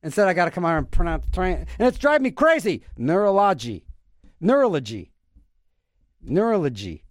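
A radio show host with a high, lively voice that leaps across its range rambles through a goofy, playful and self-mocking comic monologue at a quick pace with few pauses. He trips over words, repeats them and argues back at himself in mock back-and-forth dialogue. The sound is close and completely dry, with no echo.

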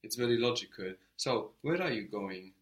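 Patient male language teacher, lowish voice. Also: lively intonation, normal speed. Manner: patient, explains step by step and prompts answers. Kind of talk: guided language lesson.

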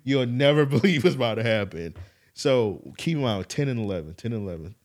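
A man co-hosting a podcast, telling a story in a casual, animated way, laughing often and swearing freely. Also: mid-range voice, fairly quick. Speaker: podcast co-host.

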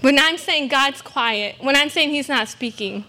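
A woman's voice: sits high, a little slow, pushed and bright. A young woman from California preaching a sermon at a church service, earnest and emphatic with self-deprecating asides. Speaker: guest preacher.

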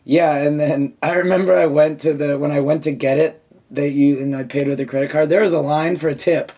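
Brief: male comedy podcast host, husky and raw, swears freely, rambling anecdotes. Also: on the high side, steady tone, a little fast, mellow. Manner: loose, profane, jokey storytelling. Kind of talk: casual comedic chat.

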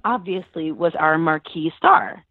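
A middle-aged actress being interviewed, telling stories conversationally and acting out quoted dialogue with lively jumps in pitch. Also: female voice, a little slow, no echo. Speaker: actress guest. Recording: tinny phone-like line.

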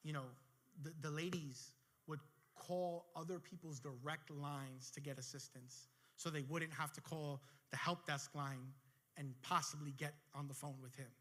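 Man, pastor, sermon, bright forceful voice, slightly high pitch, storytelling. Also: fairly even intonation, normal speed. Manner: storytelling, building intensity toward the close.

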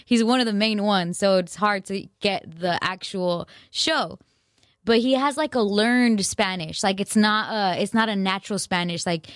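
A woman's voice: mid-range voice, fairly bright tone, dry recording, studio quality. A young woman chatting casually to her viewers, rambling and self-mocking, full of slang and restarts. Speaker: vlogger. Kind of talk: casual chat to camera.

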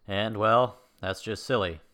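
A man's voice: on the low side, steady tone, unhurried, a bit bright, clean tone. A man from New York giving a sarcastic, rambling comedic rant with mock outrage. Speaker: comedic commentator.

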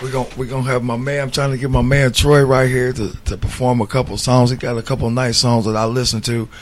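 A man's voice: mid-range voice, level tone, fast talker, a little hiss or hum. A man casually announcing an event's lineup and inviting performers to come out. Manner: promotional, inviting. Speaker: event organizer.

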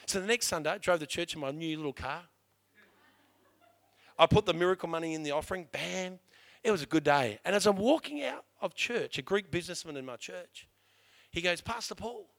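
A man with an Australian accent preaching a sermon as a pastor, telling lively stories and acting out the dialogue. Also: high-pitched, no room sound. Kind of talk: sermon storytelling.

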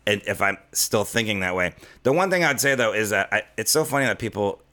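A man with a fairly low voice and a bright, forceful edge talks at a rapid clip. He is a comedian hosting a casual podcast chat, rambling through stories, swearing and dropping into quick impressions of other people. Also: expressive. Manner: fast rambling storyteller, swears, does voices. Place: Los Angeles.

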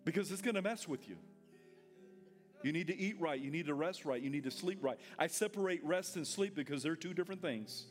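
High-voiced man preaching, call and response. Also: fairly quick, soft background music. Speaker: pastor. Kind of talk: sermon. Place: church.

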